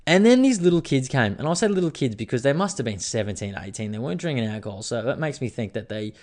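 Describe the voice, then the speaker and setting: A man in his thirties with an Australian accent talks loosely and at length, swearing often and sliding between stories. His voice sits at an ordinary middle pitch. He sounds relaxed and a little tipsy as he chats to his listeners. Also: fast talker. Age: 30s. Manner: rambling, swearing, tipsy banter. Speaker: podcast host. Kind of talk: casual chat.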